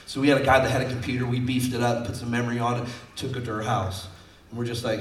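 A man's voice: medium pitch, fast talker, a bit bright, reverberant, far from the mic, a little hiss or hum. A man preaching a sermon as pastor, folksy and conversational, acting out quotes from his stories.

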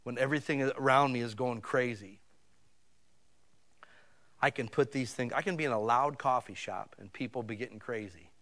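A man's voice: mid-range voice, normal speed, pauses often, a bit bright. A man preaching a sermon in a folksy, conversational way, talking directly to his listeners with emphatic swells. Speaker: pastor.

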